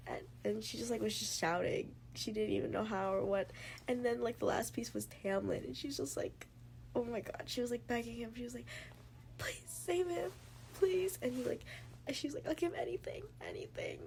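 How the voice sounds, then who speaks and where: A young woman talks through a book she has just finished, emotional and close to tears. Her voice has a gravelly edge and she slips between excited chatter and near-whispers. A faint hiss sits under the recording. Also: fairly high pitch. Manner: gushing, lots of "like" and "oh my god", drops to whispers. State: teary and emotional. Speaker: book vlogger. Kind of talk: casual reading reaction vlog.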